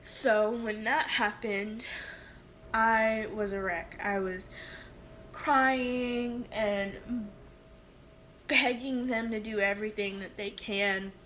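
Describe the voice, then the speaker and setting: A young woman vlogger telling a personal story in a halting, emotional way, with many fillers and restarts. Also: fairly high pitch, fairly even intonation, a bit bright, slight background noise.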